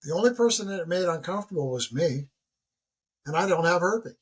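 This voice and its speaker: Podcast guest, man about 60, husky voice pitched a bit high, animated storyteller who slips into other people's voices. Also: brisk. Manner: animated storyteller who acts out dialogue with big pitch jumps. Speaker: podcast guest, retired military leader. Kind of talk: casual interview conversation.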